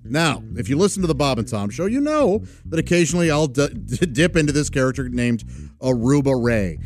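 A man's voice: mid-range voice, expressive, normal speed, faint music behind. A man hosting a podcast in a casual monologue, chatty and rambling, laughing at his own stories. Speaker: podcast host.

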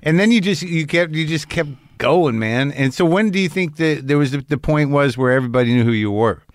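A man's voice: fairly high pitch, animated, fairly quick, dry recording, studio quality. A man hosting a casual interview, asking loose, hesitant questions and adding short backchannels. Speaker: interviewer, host.

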